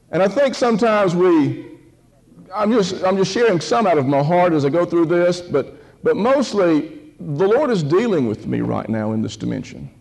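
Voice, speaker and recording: Man, pastor, sermon, earnest and conversational, repeats himself, fairly high voice. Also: darkish tone, low-quality recording. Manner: earnest, conversational, repeats words while thinking. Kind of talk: sermon with prayer and scripture reading.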